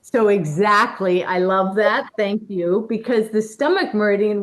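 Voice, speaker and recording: A woman presenting an energy-healing workshop demonstration in an indoor event room, gently encouraging and guiding a participant. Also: mid-range voice, unhurried, rough recording.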